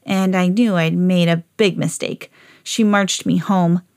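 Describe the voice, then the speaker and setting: A woman's voice: fairly low pitch, unhurried, vocal fry, smooth. A woman reading a children's storybook aloud as a lovable, eager female pet dog. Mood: earnest. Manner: earnest storybook reading, rising excitedly.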